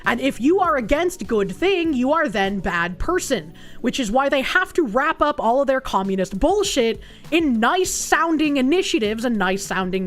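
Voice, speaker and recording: A woman streamer reads an article aloud and breaks off to mock it with blunt, sweary sarcasm. Her voice is fairly high. Soft music plays behind her. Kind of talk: reading an article aloud and reacting.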